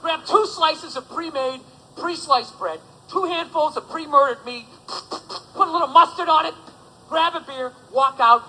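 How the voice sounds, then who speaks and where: A man's voice: very high voice, a little slow, sharp tone, rough recording. A man doing a stand-up routine, ranting with profanity and sarcasm. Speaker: stand-up comedian.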